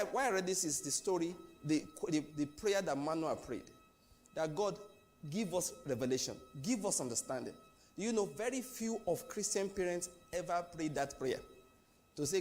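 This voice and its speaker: Man from nigeria, preaching a sermon, fairly high voice, emphatic, asks the listeners questions, faint music behind. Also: expressive, brisk, a little mellow.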